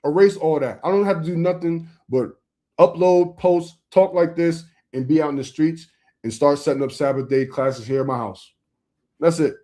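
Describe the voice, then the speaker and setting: A man's voice: on the high side, normal speed, dark tone. A young adult man preaching informally to camera, emphatic and streetwise, with lots of repetition.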